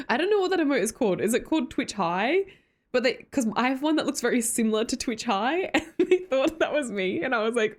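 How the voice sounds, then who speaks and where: A woman's voice: fairly high pitch, big pitch swings, fairly quick. A young woman with an Australian accent chatting casually with her live-stream viewers, laughing often and greeting them by name.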